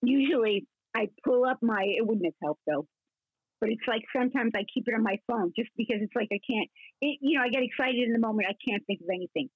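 An older woman in her sixties chats as an interview guest, rambling through lively stories with many restarts. Her slightly high, husky voice comes over a tinny phone line with a dry sound. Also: fast, no room sound. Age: 60s. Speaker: actress guest. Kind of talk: casual interview chat.

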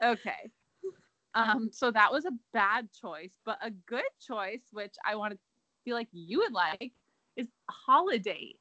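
A woman's voice: on the high side, expressive, unhurried, pushed and bright, no room sound, low-quality recording. A young woman co-hosting a casual chat podcast, chatty and playful, filling her talk with "like". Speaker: podcast co-host.

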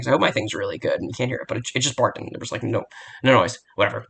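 A man's voice: medium pitch, expressive, very fast, gravelly, a bit bright, husky. A young man hosting a casual solo sports podcast from home, talking bluntly and rambling with frequent restarts and swearing. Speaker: podcast host. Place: home room near a barking dog.

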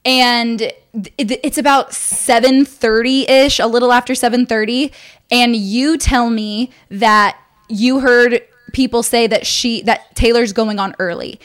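A young woman co-hosting a casual podcast, telling an excited story fast with lots of fillers. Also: on the high side. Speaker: podcast co-host. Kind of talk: casual chat.

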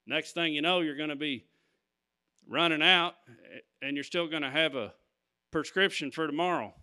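A man's voice: on the high side, normal speed, sharp tone, clear, resonant tone. A man preaching, telling a personal story to his congregation and stopping to ask "Amen?". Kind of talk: sermon testimony.

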